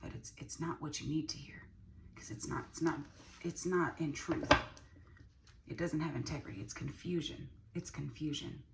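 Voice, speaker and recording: A woman's voice: deep voice, normal speed, vocal fry. A woman giving a casual tarot reading, who is emphatic, repeats lines and swears freely. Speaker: tarot reader. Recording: distant mic with ambient noise.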